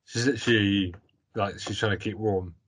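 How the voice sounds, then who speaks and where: A man's voice: fairly low pitch, steady tone, normal speed, fairly bright tone, husky. A man hosting a podcast in casual chat, joking around, rambling and reading out listener questions. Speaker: podcast host.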